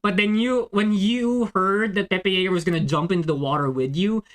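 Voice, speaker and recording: Rambling man with a slightly high voice. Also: normal speed, fairly bright tone. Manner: rambling, restarting sentences, many fillers. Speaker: dungeon master and podcast host. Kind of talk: casual chat among friends.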